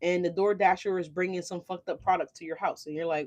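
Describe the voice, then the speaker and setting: A woman's voice: fairly low pitch, fairly even intonation, fairly quick, hardly any pauses, a little mellow. A woman giving a casual tarot reading, chatty and profane, tossing in "right?" asides. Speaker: tarot reader.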